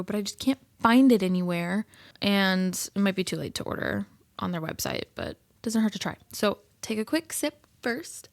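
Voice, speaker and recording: A woman's voice: mid-range voice, expressive, normal speed, creaky, dry recording. Giggly chatty woman podcast host. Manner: chatty, giggly, full of fillers. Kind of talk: casual solo podcast chat.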